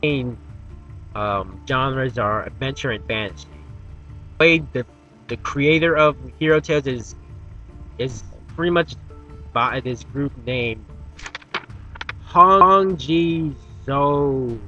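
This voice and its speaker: A man hosting a casual anime review video, talking in an energetic, rambling way. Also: mid-range voice, slow pace, pauses often, muffled recording, soft background music.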